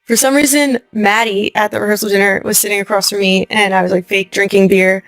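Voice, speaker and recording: Young adult woman, interview guest, gravelly delivery, animated storyteller who acts out quotes, dry close sound. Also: medium pitch, a little fast, dry recording, soft background music. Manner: animated retelling, acting out quoted lines, laughing often. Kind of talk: personal storytelling in conversation.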